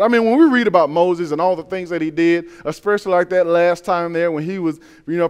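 Animated man preaching a sermon. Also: sits high, clear, resonant tone. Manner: conversational, acts out Bible dialogue with rising and falling intensity.

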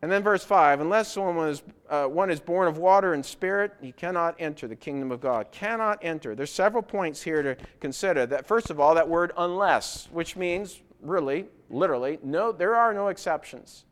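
A man preaching a sermon in a smooth, clear voice that sits a little high. He leans on rhetorical questions and builds to loud, insistent points. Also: normal speed, few pauses.

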